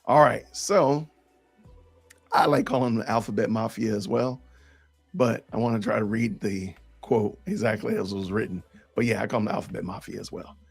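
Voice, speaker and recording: A man's voice: on the low side, steady tone, moderate pace, gravelly, husky, faint music behind. A man hosting a podcast, reading out comments and answering them in an emphatic, sarcastic way. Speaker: podcast host.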